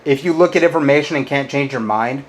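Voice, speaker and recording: Combative male YouTuber, mid-range voice, resentful rant, loud jumps and muttered low insults. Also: fast talker. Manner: bitter, combative, swears a lot. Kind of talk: ranting to-camera monologue.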